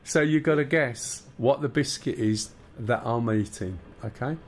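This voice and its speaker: A man's voice: mid-range voice, measured pace, slight background noise. A man with a Black Country accent, a streamer chatting casually with viewers and walking through cockpit start-up steps. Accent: Black Country English. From English Midlands. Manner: chatty, bantering with chat while explaining cockpit steps. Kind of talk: casual live-stream chat.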